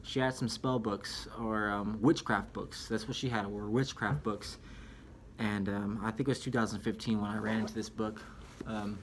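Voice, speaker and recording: A man's voice: lowish voice, fairly even intonation, moderate pace, slight background noise. A young man talking casually to camera about a book, rambling and chatty, often calling the viewer dude or man. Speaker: vlogger reviewing a book. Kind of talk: casual spoken review.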